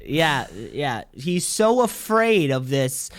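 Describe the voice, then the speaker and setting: A man's voice: fairly high pitch, very animated, slow pace, no room sound, studio quality. A man co-hosting a podcast, joking around and trailing off into strings of filler words. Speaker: podcast co-host. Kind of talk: casual chat.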